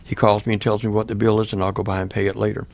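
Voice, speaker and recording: A man's voice: lowish voice, flat delivery, very fast, vocal fry. An older man, a pastor, earnestly telling a personal story in plain words during an interview. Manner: plain-spoken, earnest, acts out remembered dialogue.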